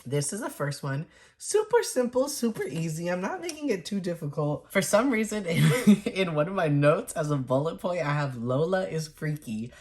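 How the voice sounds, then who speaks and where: A young woman recaps a movie in a loose, chatty vlog, laughing between sentences. Her voice sits low. She drops into playful impressions of the characters as she goes. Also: sing-song, normal speed, a little mellow. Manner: chatty, laughing, acts out quotes. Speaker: movie reviewer and vlogger. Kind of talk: casual chat.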